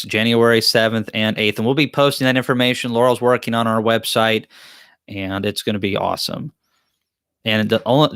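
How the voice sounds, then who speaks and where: A man's voice: lowish voice, a bit bright, clean tone, no echo, clean studio sound. A man hosts a live-stream Q&A, reading chat questions aloud and answering them in a joking, rambling, self-deprecating way. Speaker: beekeeping channel host.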